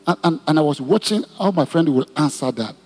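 A man's voice: a little high, fairly quick, husky, in a large hall. A male pastor preaching and leading prayer in church, telling stories with acted-out voices. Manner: animated storytelling, acts out quoted voices. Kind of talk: sermon with congregational prayer.

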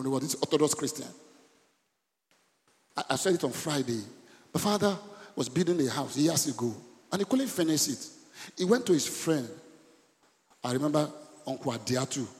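A middle-aged man, preaching a sermon in animated bursts and asking the congregation questions. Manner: animated preaching with sudden high bursts and call-and-response questions. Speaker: pastor. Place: church hall. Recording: church hall with long reverb.

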